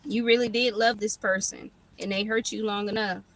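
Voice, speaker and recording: A woman's voice: mid-range voice, fairly even intonation, normal speed, rough recording. A woman giving a casual livestream tarot reading, rambling and profane, laughing as she tells stories. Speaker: tarot reader.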